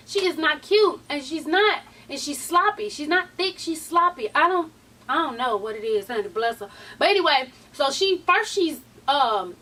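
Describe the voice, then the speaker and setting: A woman with a high, bright voice gives a sassy, profane gossip recap and fires questions straight at her viewers. She sounds tired, like it's late at night. Her voice sits a little back from the mic. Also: distant mic. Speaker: vlogger recapping a reality show. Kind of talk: casual gossipy recap commentary.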